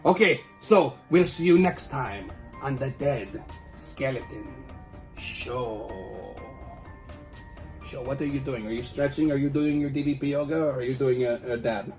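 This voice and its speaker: A man's voice: medium pitch, a little slow, darkish tone, soft background music. A man hosting a comedy show, reading a tabloid article aloud and breaking off with playful, teasing asides to a silent puppet sidekick.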